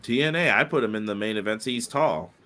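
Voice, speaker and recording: A man's voice: on the low side, a little fast, bright, forceful tone, a little hiss or hum. A man co-hosting a casual podcast, chatting loosely and reading viewer comments aloud. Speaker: podcast co-host.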